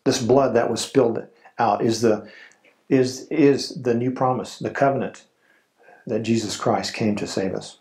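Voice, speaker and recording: A man preaching a sermon in a slow, solemn way, with dramatic pauses. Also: medium pitch, darkish tone. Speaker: pastor.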